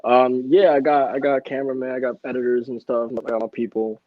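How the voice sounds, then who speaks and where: A man's voice: medium pitch, flat delivery, fast talker, no echo, phone-quality sound. A man talking as a rapper guest on a casual podcast, laid-back and slangy, laughing often. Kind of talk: casual chat.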